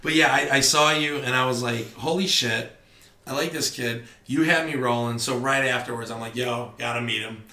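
Animated, foul-mouthed young comedian. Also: male voice, mid-range voice, moderate pace, roomy sound. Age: young adult. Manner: animated storytelling, heavy swearing. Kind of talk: casual podcast chat.

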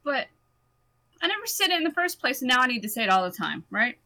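Bright playful woman co-hosting a chat. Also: high voice, sing-song, fast, rough recording. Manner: playful, laughing, teasing. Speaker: co-host. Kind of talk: casual chat.

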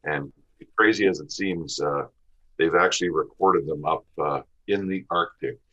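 Very deep, unhurried and fairly bright, this Western Canadian man's voice comes through lo-fi sound. As a guest on a laid-back podcast, he talks easily about hunting, listing seasons, places and the lay of the land.

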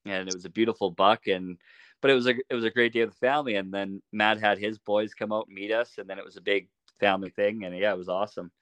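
A middle-aged man telling stories in a relaxed, casual way as a podcast guest, often laughing as he talks. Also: fairly low pitch, quick pace, smooth, no room sound. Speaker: podcast guest, archery shop owner. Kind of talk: casual storytelling.

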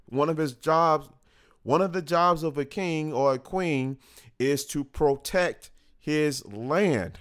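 A man hosting a talk, speaking in a slow, deliberate unscripted monologue and pausing to correct himself along the way. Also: on the high side, clear, resonant tone. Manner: slow and deliberate, with restarts and small self-corrections. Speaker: host.

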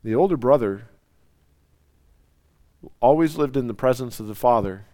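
A man preaching a sermon, swinging from loud, soaring lines down to near whispers. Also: medium pitch, animated, normal speed, long pauses, dry recording. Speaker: pastor.

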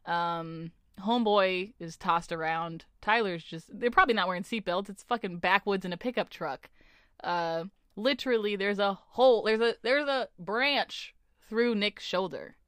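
A woman's voice: medium pitch, moderate pace, smooth, no room sound. A young woman co-hosting a podcast, animatedly retelling a novel's plot in casual chat, swearing often and acting out the characters' lines. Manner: animated retelling with lots of swearing and quoted voices. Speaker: podcast co-host. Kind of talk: casual book-club chat.

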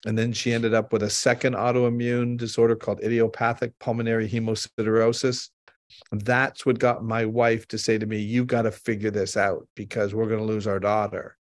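A man's voice: lowish voice, no echo, studio quality. A man hosting a podcast, explaining things earnestly through personal stories. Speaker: podcast host. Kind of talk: conversational storytelling.

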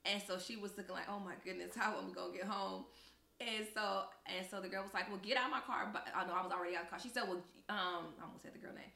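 A young woman co-hosts a casual podcast, telling stories with lots of acted-out quotes. Her voice is bright with a gravelly edge of fry. The room around her is echoey. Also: medium pitch, fast. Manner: animated storyteller, acts out quoted voices. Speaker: podcast co-host. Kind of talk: casual storytelling chat.

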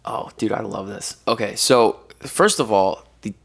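A gravelly man talking as a guest in a casual podcast conversation. His delivery is energetic and rambling, and he leans on slang as he goes. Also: fairly low pitch, a little slow. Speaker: podcast guest, content creator and worship artist.

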